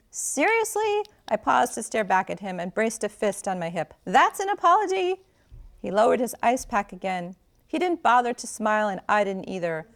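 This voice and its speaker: A female novelist reads a first-person passage from her own book, telling the story in a steady, clear way. Her voice sits in the mid range.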